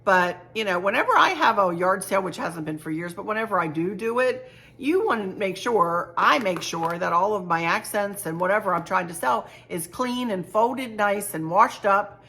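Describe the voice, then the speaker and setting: Chatty woman with a gravelly edge. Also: medium pitch, lively intonation, normal speed, pushed and bright, a little hiss or hum. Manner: chatty, gushing, repeats words. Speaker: home decor vlogger. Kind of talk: casual chat showing a shopping haul.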